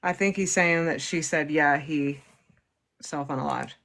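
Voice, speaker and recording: A woman hosting a livestream, calmly paraphrasing and explaining what her guest says. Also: sits low, a little slow, gravelly. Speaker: livestream host. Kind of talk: relaying and explaining a guest's words.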